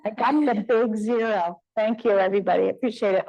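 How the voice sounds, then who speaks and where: A woman's voice: mid-range voice, fairly even intonation, fairly quick, dull audio. A woman presenter answering audience questions at a conference in a conversational way, with fillers and restarts. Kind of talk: Q&A after a talk. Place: conference room.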